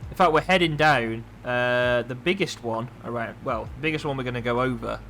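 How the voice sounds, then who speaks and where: A man's voice: medium pitch, a little fast, a bit bright, a little hiss or hum. A man, an airline pilot chatting casually as he streams a flight simulator, thinking aloud and poking fun at himself. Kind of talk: casual live-stream commentary.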